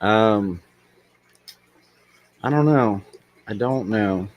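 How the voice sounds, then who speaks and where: A man's voice: fairly low pitch, very slow, lo-fi sound. A man hosting a casual livestream chat, joking and self-deprecating as he rambles along. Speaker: livestream host.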